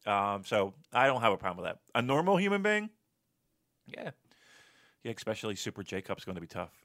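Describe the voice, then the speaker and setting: A man talks on a podcast with a bright, forceful voice. He chats casually and swears freely. His opinions build into loud, heated rants. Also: fairly low pitch, fairly quick. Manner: animated, profane, breaks into loud rants. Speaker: podcast co-host.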